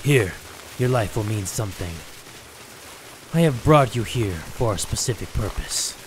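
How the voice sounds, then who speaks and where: An actor playing a creepy, cryptic male passenger in a horror game, speaking in a slow, solemn, ominous way. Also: fairly low pitch, expressive, slight background noise.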